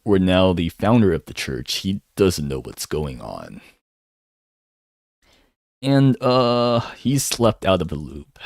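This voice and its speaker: Male commentator with a low voice and lively pitch swings. Unhurried and rambling, recorded dry. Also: no echo. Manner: rambling, hums filler syllables while thinking. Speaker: manga commentator. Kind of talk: casual solo chapter breakdown.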